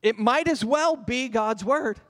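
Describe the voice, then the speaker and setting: An older man, a pastor, delivering an animated sermon that drops at times to a murmured prayer. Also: extremely high pitch, measured pace. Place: church hall. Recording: long reverb of a church hall.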